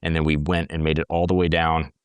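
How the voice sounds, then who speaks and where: A man's voice: extremely low pitch, level tone, fast talker, smooth, dry recording. A man, a former Navy corpsman guest, telling stories casually in blunt, profane talk. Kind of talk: casual storytelling.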